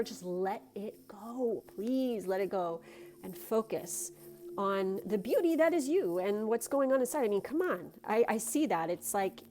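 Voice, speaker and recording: A woman's voice: mid-range voice, darkish tone, slight background noise. A woman giving a casual pick-a-card tarot reading. She gushes encouragement, swears casually, and moves between reading card text aloud and chatty asides. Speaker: tarot reader.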